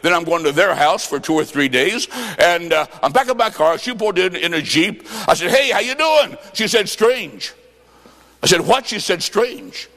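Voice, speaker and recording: A revival preacher with a high-pitched voice, telling his story with sudden swings between hushed lines and shouts. His voice rings out through a large church hall with a long reverb tail. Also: animated, a little fast, few pauses.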